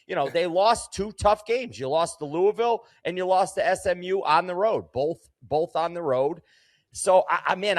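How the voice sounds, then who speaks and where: A man's voice: a little high, no room sound, studio quality. A man co-hosting a casual sports betting talk show, speaking bluntly and emphatically with plenty of swearing. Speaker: co-host.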